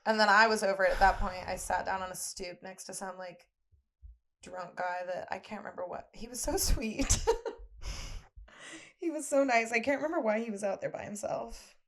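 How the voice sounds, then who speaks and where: A woman's voice: medium pitch, moderate pace, a bit bright. A young woman co-hosting a casual chat podcast, often chiming in with short reactions and laughter. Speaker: podcast co-host.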